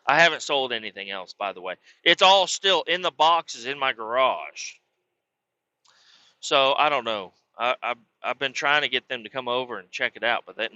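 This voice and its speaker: Man, crude and excitable. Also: a little high, no room sound, muffled recording. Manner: crude, excitable, acts out both sides of arguments. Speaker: podcast host telling stories. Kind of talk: casual storytelling.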